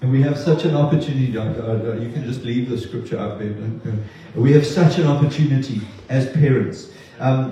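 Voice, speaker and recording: A man's voice: mid-range voice, mellow, a little hiss or hum. A man preaching an earnest, heartfelt sermon in a church, often stumbling and repeating words. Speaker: pastor. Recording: dull echoey sound from far off.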